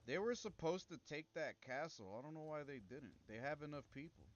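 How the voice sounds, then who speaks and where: A man's voice: a little high, expressive, a little fast, highs cut off. A man casually commenting while he plays a strategy game, crude and rambling, now and then reading the game's text aloud. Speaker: gameplay streamer.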